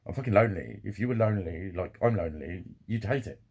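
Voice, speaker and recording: A man's voice: deep voice, animated, fast, a little mellow, slightly rough. A middle-aged man, talking in a casual, rambling monologue to his camera. He swears a lot and often laughs at his own jokes. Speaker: vlogger.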